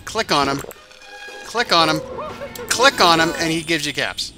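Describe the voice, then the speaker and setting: A man's voice: a little high, animated, measured pace, over music. A man hosting a let's-play, chatting casually as he plays, rambling and swearing now and then, a little tired. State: tired, yawning. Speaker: game channel host.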